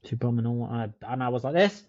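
A laid-back man chats on a podcast with his co-host, swearing now and then and calling him mate. His voice is mellow and dark. The sound is dry and a little dull. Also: medium pitch, rapid-fire, dry recording. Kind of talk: casual chat. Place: in Dublin, remote call.

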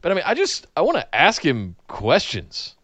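A man with a Southern US accent, co-hosting a casual podcast chat in an animated, excitable way and laughing often. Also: fairly high pitch, moderate pace, no room sound. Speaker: podcast co-host. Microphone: remote call.

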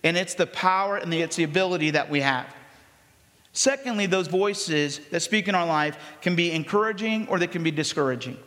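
A man, the pastor, preaching a sermon in a conversational, energetic way, acting out the voices of people in the story. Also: high-pitched, a little fast. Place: church sanctuary. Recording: long reverb of a church hall.

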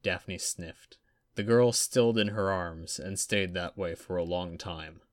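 A man with a lowish voice reading a story aloud at a steady, even pace. The sound is close and completely dry, with no room echo. It sounds like an audiobook narration. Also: unhurried.

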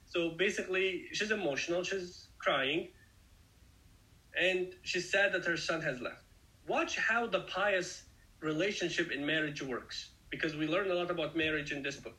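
Male Bible teacher, fairly high, bright, forceful tone; earnest and explanatory, talks to listeners directly. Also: moderate pace, low-quality recording. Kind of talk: conversational Bible study sermon.

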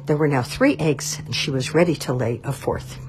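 A woman reading a children's novel aloud in an expressive, measured way. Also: low-pitched. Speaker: storyteller.

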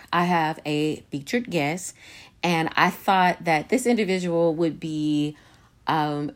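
A middle-aged woman with a low voice hosts a casual podcast. She talks in a measured, reflective way, often restarting her sentences with fillers. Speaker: podcast host.

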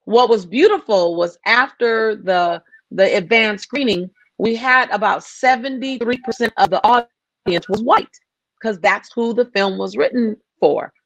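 A woman's voice: a little high, a little slow, a bit bright, dry recording, muffled recording. A woman filmmaker talking passionately in an interview, often restarting and repeating her phrases. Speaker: filmmaker guest. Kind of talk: interview conversation.

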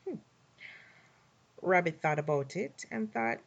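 A woman narrates folktales in a low, slightly husky voice. Her delivery is animated and full of swoops in pitch. She draws words out for drama. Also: normal speed, pauses often, lo-fi sound. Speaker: storyteller. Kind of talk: folktale storytelling.

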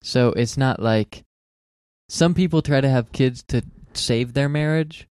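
A man's voice: medium pitch, measured pace, darkish tone, clean tone, dry recording, studio quality. A man co-hosting a podcast, talking in an earnest, reflective way with light joking. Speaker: podcast co-host. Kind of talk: casual chat.

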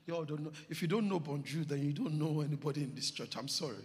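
A middle-aged man, a pastor preaching a sermon in church, stressing phrases slowly and building to emphatic peaks. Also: on the high side. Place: church hall. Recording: church hall reverb with music behind.

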